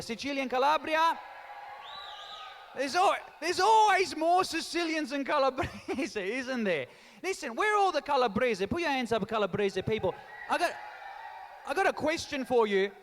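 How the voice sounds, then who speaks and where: A man's voice: very high voice, animated, normal speed, fairly bright tone, a little hiss or hum. A man doing live stand-up comedy and teasing the crowd, mixing in Italian phrases. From Australia. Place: large town hall stage. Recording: long reverb of a hall.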